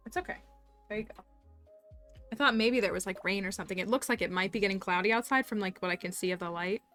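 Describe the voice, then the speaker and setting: Bright chatty woman streaming a game. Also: medium pitch, fast, faint music behind. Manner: chatty, giggly, thanks viewers. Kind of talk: casual live-stream chat while gaming.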